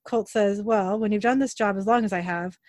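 A woman's voice: mid-range voice, fairly quick, a little mellow, no echo, clean studio sound. A woman casually recapping a TV episode, narrating scenes and quoting characters' lines in her own voice. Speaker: podcast host recapping an episode.

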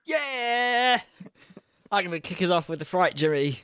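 A man's voice: on the high side, steady tone, quick pace, a bit bright, no echo, clean studio sound. A man co-hosting a film podcast, reading trivia aloud in a playful way. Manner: playful, reads facts aloud. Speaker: podcast co-host. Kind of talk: casual film chat.

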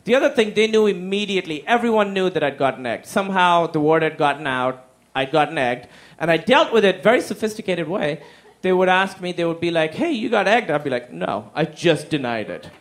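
A man telling a stand-up comedy story, animated and profane, acting out the people in it with silly voices. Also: on the high side, fairly quick. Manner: animated, acts out quotes in silly voices, swears freely.

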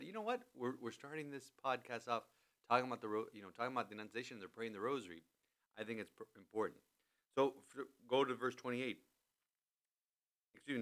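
A man hosting a podcast in a studio, talking through a scripture passage in a relaxed, chatty way with many restarts. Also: medium pitch. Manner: animated, lots of restarts and "you know". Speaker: podcast host. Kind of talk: conversational scripture commentary. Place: studio in a building with thin walls.

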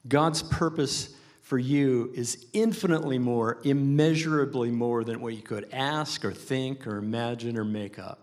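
A male pastor delivers a sermon in an earnest, emphatic way, repeating key phrases for weight. His voice sits at an ordinary middle pitch for a man. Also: a little slow, hardly any pauses, a little mellow. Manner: earnest, emphatic preaching with repetition.

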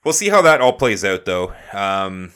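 Man, young, podcast co-host, low pitch, bright tone, joking, swearing. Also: big pitch swings, normal speed, clean tone. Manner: laid-back, joking, swears freely. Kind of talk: casual wrestling podcast chat.

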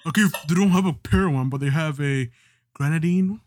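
A man's voice: on the high side, normal speed, darkish tone. A man co-hosting a tabletop gaming podcast, chatting casually, teasing and joking with his friend and swearing now and then. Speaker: podcast co-host and dungeon master. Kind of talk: casual chat.

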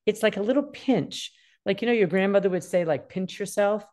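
Expressive woman in her sixties giving advice. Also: mid-range voice, fairly quick. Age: 60s. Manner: expressive, acts out children's voices in quotes. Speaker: parenting expert guest. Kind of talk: casual advice talk.

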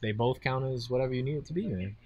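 A man's voice: mid-range voice, quick pace, dark tone, husky, highs cut off. A man co-hosting a podcast, bantering and laughing in casual hobby chat. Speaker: podcast co-host.

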